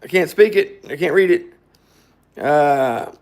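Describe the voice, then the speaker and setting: A man's voice: a little high, expressive, slow. A man co-hosting a scooter garage live stream, chatting in a loose, joking, rambling way. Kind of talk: casual live-stream chat.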